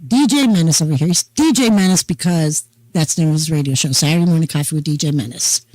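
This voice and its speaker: An older woman hosting a casual talk show, chatting in a folksy, unhurried storytelling way. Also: low-pitched, a little mellow, no echo, rough recording. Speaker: host. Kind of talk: casual chat.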